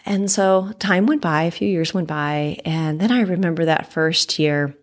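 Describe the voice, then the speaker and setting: A woman's voice: on the low side, a little slow. A woman fitness trainer hosting her own podcast, telling her story candidly and chattily, laughing often with frequent ums.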